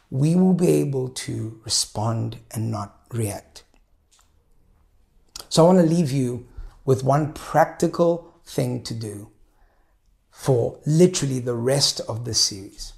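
A man in his thirties, a pastor preaching a sermon in a measured way, slowing down to stress key points. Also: on the high side, gravelly, darkish tone. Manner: measured preaching, slows for emphasis.

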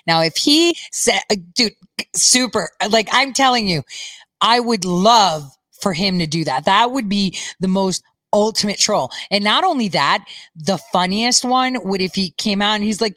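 A woman's voice: mid-range voice, animated, slow, a bit bright, no room sound. A middle-aged woman hosting a podcast, giving rambling, chatty political commentary and laughing often. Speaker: podcast host.

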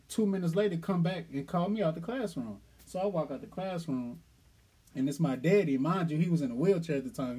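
A young man in casual chat, telling a childhood story in a laid-back, unhurried way. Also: on the high side, warm tone, low-quality recording.

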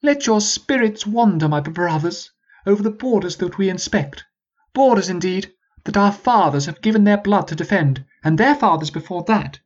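A man's voice: sits high, lively intonation, normal speed, muffled recording, pitched above the performer's own voice. A man voicing a pompous posh sergeant who stutters on his D's and P's and speechifies grandly.

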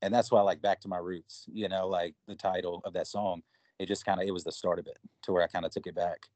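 A man's voice: sits low, flat delivery, fast, a little mellow, no room sound, poor audio. A man being interviewed about his music, talking loosely and rambling, with many fillers and retold conversations. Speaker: guest musician. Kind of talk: casual interview talk.

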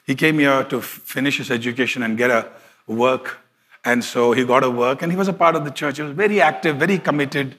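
A man's voice: on the high side, a bit bright. A middle-aged man, a pastor preaching conversationally and telling a story, chuckling often. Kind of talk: sermon with storytelling.

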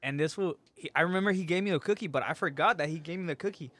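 A man's voice: a little high, very fast, a bit bright, no echo. A young man in casual podcast chat, telling a story with lots of slang and swearing and acting out what people said.

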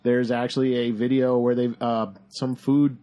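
A man's voice: medium pitch, flat delivery, normal speed, dark tone. Rambling man telling a story. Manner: rambling storyteller, trails off and restarts. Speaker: podcast co-host. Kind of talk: casual chat.

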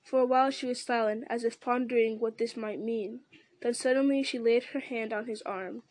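A woman reads a fantasy novel aloud in a steady, even voice. Her pitch sits fairly high but barely moves, keeping the narration flat and level. The sound is dry, with no room around it. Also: normal speed, dry recording. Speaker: reader.

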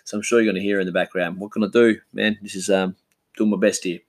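A man's voice: fairly low pitch, flat delivery, fast talker. A man in his thirties from Western Australia with an Australian accent, chatting casually and rambling as a podcast host at home. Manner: rambling, laid-back, swears casually, says man a lot. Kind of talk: casual solo chat. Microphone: omnidirectional mic.

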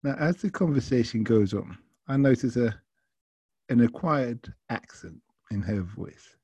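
Dark husky man telling a taxi story. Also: mid-range voice, animated, measured pace, no room sound. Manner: chatty, anecdotal, quoting others. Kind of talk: casual storytelling.

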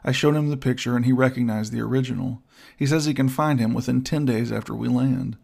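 A man reading the lines of a gentle, earnest young high-born woman in a storybook. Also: steady tone, brisk, gravelly.

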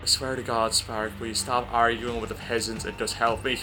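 A man's voice: mid-range voice, little pitch movement, fairly quick, music in the background, lightly acted. A man voicing a smug, arrogant male villain who talks down to others. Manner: smug, dismissive.

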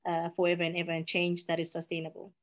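A woman's voice: on the low side, completely flat delivery, fast. A woman from South Africa with a South African accent, answering interview questions in an earnest, upbeat way with many fillers. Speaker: guest, youth sports program coach.

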